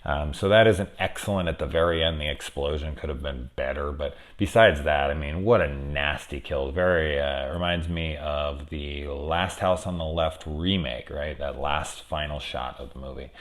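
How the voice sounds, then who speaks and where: A man's voice: very deep voice, moderate pace, hardly any pauses. A man giving a casual, rambling spoiler review of a horror movie, swearing freely and enthusing with lots of fillers.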